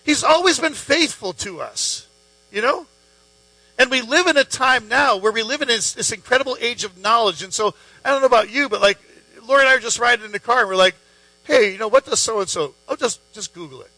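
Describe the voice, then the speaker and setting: A man's voice: very high-pitched, fairly quick, pushed and bright, no room sound, poor audio. A man preaching a casual, conversational sermon, chatting with his listeners, joking as he goes and acting out quoted voices. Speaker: pastor.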